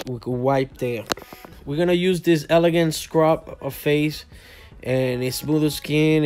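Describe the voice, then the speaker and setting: A man's voice: medium pitch, darkish tone. A tired man whose first language is Spanish, a barber who rambles and repeats himself while he explains a cut as he works. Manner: rambling, repeats words and says "you know what I mean". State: tired, yawning. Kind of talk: casual tutorial narration while working. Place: barbershop lounge.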